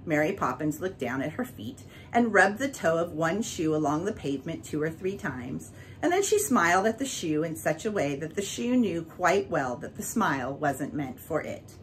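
A woman reads a children's book aloud, her voice sitting a little low. Her delivery rises and falls a lot as she tells the story. A faint hiss sits under the recording. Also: normal speed, rough recording. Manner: expressive, varied reading.

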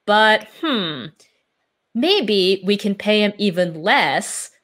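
Woman playing a scheming greedy tycoon, comic read-aloud, mid-pitched voice. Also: animated, a bit bright. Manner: brisk comic read-aloud of a scripted scene. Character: greedy scheming male industrialist.

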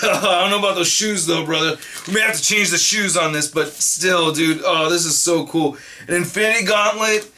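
A man talking through a casual unboxing vlog, his voice high and bright. He gets excited easily, curses freely and breaks into delighted shouts. A faint hiss sits under the recording. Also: measured pace. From Northern California. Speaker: vlogger.

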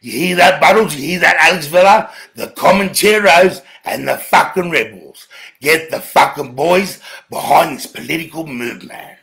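An Australian man in an angry, profane monologue to camera, dropping to low mutters, then shouting. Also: moderate pace, creaky. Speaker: video ranter.

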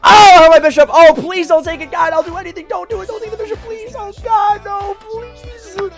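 A woman chess streamer reacting loudly and dramatically to her game, pleading with the board. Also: very high voice, fairly even intonation, moderate pace, over music.

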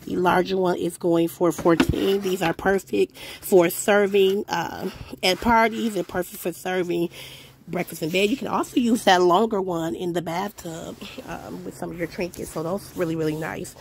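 A woman's voice: lowish voice, steady tone, moderate pace, gravelly, a little hiss or hum. A woman filming a casual haul inside a discount store, talking in an upbeat, gushing way as she walks the aisles. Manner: gushing, upbeat, repeats "love, love, love". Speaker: shopping vlogger.

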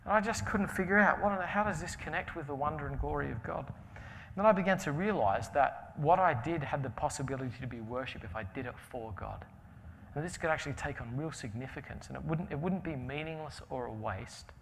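A man preaching a conference sermon, telling stories with humor and swinging between loud and hushed delivery. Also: fairly high pitch, brisk, gravelly, slight background noise. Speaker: pastor. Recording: reverberant hall with faint ambience.

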